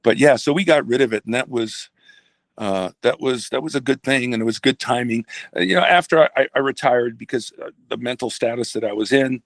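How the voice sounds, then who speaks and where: Gravelly older man, halting and reflective. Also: medium pitch, dry recording. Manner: halting, with many restarts and pauses. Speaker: retired senior pastor. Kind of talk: reflective personal storytelling.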